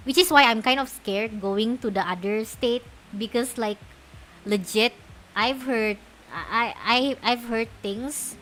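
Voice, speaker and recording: A woman's voice: fairly high pitch, takes it slowly, pauses often, fairly bright tone, faint music behind. Giggly young woman with a Malaysian accent. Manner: giggly, rambling, chatty. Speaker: streamer. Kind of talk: casual chat stream.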